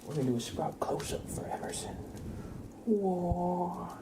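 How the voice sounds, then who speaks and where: A man hosting a live ASMR stream, talking in a soft half-whisper and cooing fondly to his pet. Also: high voice, quick pace, background noise. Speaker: ASMR livestream host.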